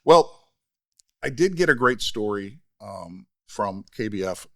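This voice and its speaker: Podcast co-host, male, low register, animated storyteller, dry booth sound. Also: takes it slowly, no room sound. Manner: animated storyteller, acts out quoted voices. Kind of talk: casual podcast chat.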